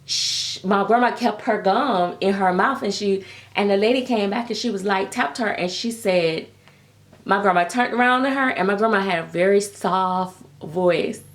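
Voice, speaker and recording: A reborn doll vlogger with a mid-range voice and moderate pace launches into a casual, chatty rant. She tells stories animatedly, laughing often and calling her listeners pet names like "baby."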